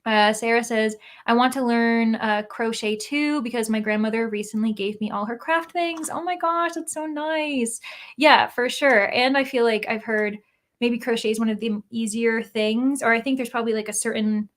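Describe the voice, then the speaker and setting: A woman's voice: fairly high pitch, fairly even intonation, moderate pace. A young adult woman hosting a casual live stream, chatting and reading out viewer comments with lots of "like" fillers. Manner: chatty, many "like" fillers, upbeat. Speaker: livestream host reading chat.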